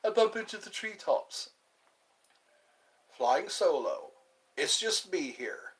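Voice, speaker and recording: A man's voice: fairly high pitch, very animated, slow, a bit bright, husky. A man hosting a casual livestream, rambling between topics and greeting viewers as they join. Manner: rambling, drifts between topics and hums snatches of songs. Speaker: livestream host.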